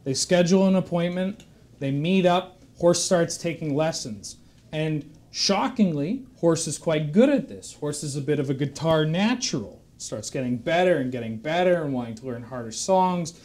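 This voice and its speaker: A man on a live charity stream telling a long, meandering shaggy-dog joke, full of self-corrections and deadpan asides. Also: a little high, normal speed. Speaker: stream performer.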